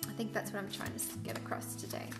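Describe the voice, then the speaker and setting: A woman giving a casual, earnest tarot and angel card reading, chatty and full of filler words. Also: fast talker. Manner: chatty, earnest, heavy use of "like". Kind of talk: casual spiritual guidance vlog. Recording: echoey room with faint background music.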